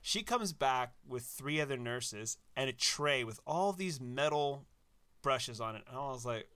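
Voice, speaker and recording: A man casually telling a personal anecdote, animated and laughing at his own story. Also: mid-range voice, a little slow, clean tone.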